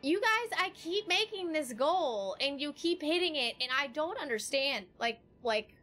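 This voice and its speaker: A woman live-streaming a video game, chatting with her viewers, rambling and emotional, then excitable during play. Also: high voice, unhurried. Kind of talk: live gameplay stream chat. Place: home streaming setup.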